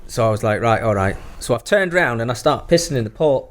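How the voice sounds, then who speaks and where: Middle-aged man, ex-pro footballer guest, rowdy anecdotal storyteller, lots of swearing and laughter, average pitch. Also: lively intonation, fast talker, a bit bright. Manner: profane, laughing anecdote-teller. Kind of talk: casual storytelling.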